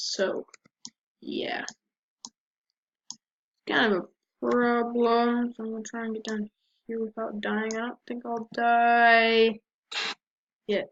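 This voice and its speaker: Here a woman with a mid-range, somewhat bright voice narrates her game in a casual let's-play style, chatting away to herself. The recording comes from a dull, lo-fi microphone with a little background noise.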